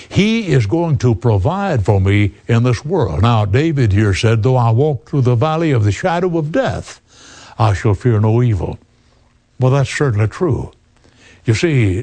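A man's voice: medium pitch, dark tone. An older man preaching a sermon, earnestly quoting scripture with chapter and verse and asking rhetorical questions.

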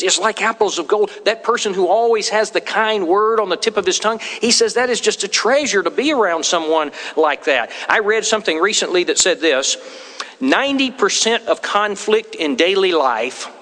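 A man's voice: sits high, animated, moderate pace, fairly bright tone. A man preaching a sermon in a church, telling homey stories and quoting people in acted voices. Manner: folksy storytelling with acted quotes. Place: church sanctuary. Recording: long hall reverb.

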